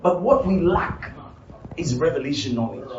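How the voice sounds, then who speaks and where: High-voiced preacher man shouting in church. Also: animated, moderate pace. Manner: repetitive preaching that builds to shouting. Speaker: pastor. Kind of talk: sermon. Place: church hall. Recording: roomy, distant, dull live church sound. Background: music and congregation.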